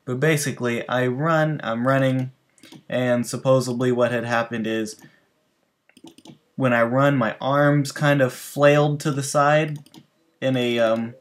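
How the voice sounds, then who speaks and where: A man's voice: medium pitch, steady tone, measured pace. A man hosting a gaming channel, telling loose, rambling stories over gameplay and talking straight to his viewers. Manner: rambling, loose, full of restarts and asides to viewers. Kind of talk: casual storytelling over gameplay.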